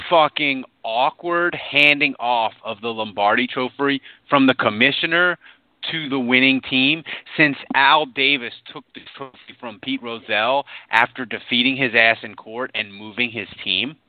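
Animated sports radio host, tinny sound. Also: male voice, fairly high pitch, dry recording. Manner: animated, emphatic, swears freely. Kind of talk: casual sports radio banter.

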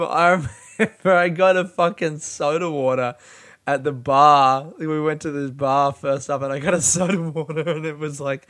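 A man's voice: a little high, fairly bright tone. A young Australian man telling a rambling, sweary comic story about waiting for money.

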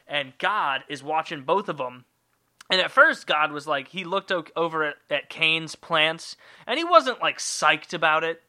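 A man telling a story on a comedy podcast, swearing freely and rambling in an irreverent way. His voice is very bright and forceful, pitched a little higher than most men's. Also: clear, resonant tone. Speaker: podcast host.

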